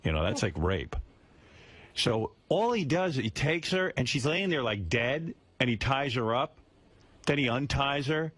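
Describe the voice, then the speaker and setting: A male radio host at a mid-range pitch, telling a crude, rambling story in a studio. He talks loosely and casually, chuckles often, and trails into asides before getting back on track. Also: sing-song, a little slow, fairly bright tone, dry recording. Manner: rambling, crude, breaks into laughter.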